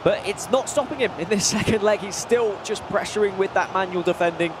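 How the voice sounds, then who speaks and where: Man, esports colour commentator, high voice, chatty explainer, faint noise. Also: a little fast. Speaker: esports analyst.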